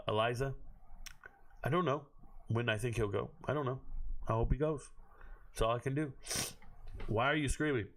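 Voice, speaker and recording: A man hosting a live stream from his home on his own microphone, talking bluntly with plenty of swearing and sudden bursts of shouting. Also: mid-range voice. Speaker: host of a draft watch party stream. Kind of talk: casual live-stream commentary.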